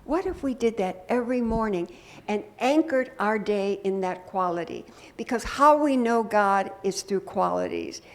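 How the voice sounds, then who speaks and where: An older woman minister preaching a sermon to her congregation, conversational and gently humorous, often asking the room questions. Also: medium pitch, animated, normal speed. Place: church sanctuary.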